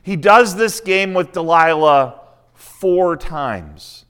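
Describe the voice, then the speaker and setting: Smooth-voiced man preaching conversationally. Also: a little high, animated, slow, fairly bright tone. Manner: conversational, retells scripture with asides. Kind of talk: sermon.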